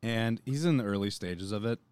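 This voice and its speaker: A young man on a podcast, telling an animated story and quoting people as he goes. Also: on the low side, fairly quick, smooth. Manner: animated storytelling, lots of swearing and quoting others. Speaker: podcast co-host. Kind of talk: casual chat.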